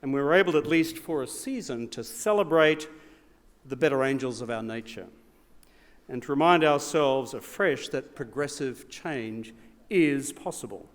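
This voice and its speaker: A man's voice: mid-range voice, measured pace. A middle-aged Australian man giving a formal evening speech with joking asides and rhetorical repetition, in a large hall. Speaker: speaker. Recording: long hall reverb.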